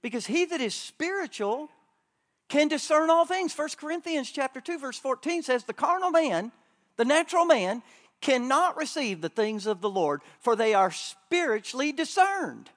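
Animated high-voiced preacher. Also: male voice, normal speed. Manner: animated, joking, swinging loud to soft. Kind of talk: sermon. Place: church or conference hall.

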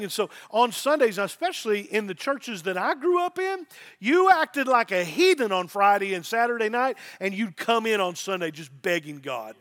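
A man's voice: extremely high pitch, sing-song, normal speed, fairly bright tone. A middle-aged man, a pastor, preaching a sermon with emphasis and repeated phrases.

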